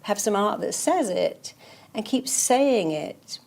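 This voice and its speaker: A woman's voice: mid-range voice, big pitch swings, takes it slowly, darkish tone. A woman therapist talking in an interview, emphatic and repetitive, telling stories and repeating affirmations. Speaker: therapist guest. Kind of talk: motivational interview talk.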